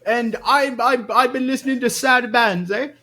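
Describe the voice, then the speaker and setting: A man's voice: extremely high pitch, steady tone, moderate pace, pushed and bright, voice pushed up. A man voicing an exaggerated, gloomy Londoner who speaks in over-the-top mock British slang. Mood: mopey.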